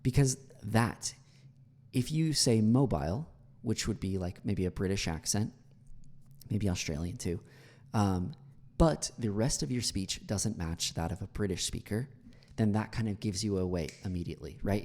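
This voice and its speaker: Mellow-voiced American man in a reverberant room. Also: on the low side, normal speed. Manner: chatty, many fillers, repeats words for analysis. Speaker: English teacher. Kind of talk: critiquing a speech clip.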